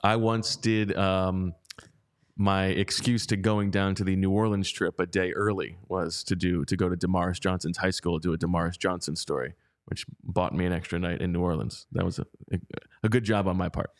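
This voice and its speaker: A man's voice: low-pitched, fairly even intonation, normal speed, clean tone. A man hosting a casual sports talk show, with a dry, teasing way of talking. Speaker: podcast host.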